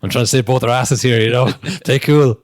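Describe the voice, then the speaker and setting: A man putting on the voice of a flustered referee covering up his mistake in a hurried, conspiratorial way. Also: mid-range voice, fairly even intonation, no echo, studio quality, natural voice.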